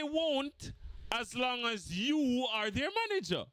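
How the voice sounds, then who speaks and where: A man's voice: very high voice, animated, slow pace, pushed and bright, no room sound. A man giving a heated football fan rant, mocking and repeating his points for emphasis.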